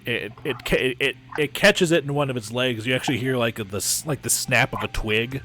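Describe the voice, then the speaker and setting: A man's voice: medium pitch, brisk, sharp tone, soft background music. A man running a tabletop game as game master, describing the action casually with many restarts. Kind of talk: narrating and ruling a tabletop game.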